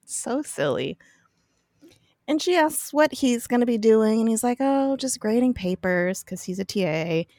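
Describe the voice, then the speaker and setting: A woman's voice: fairly high pitch, big pitch swings, a little slow, darkish tone, no echo. Giggly woman telling a story, dry mic. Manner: giggly, chatty storytelling with frequent laughs. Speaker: podcast guest recapping an episode. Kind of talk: casual chat.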